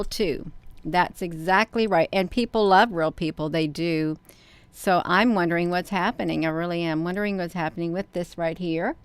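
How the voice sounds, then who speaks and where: A woman hosting a casual live stream. She talks expressively and excitably, speaking straight to her viewers as she comments. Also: lowish voice, clean tone, no echo. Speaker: channel host reading live chat.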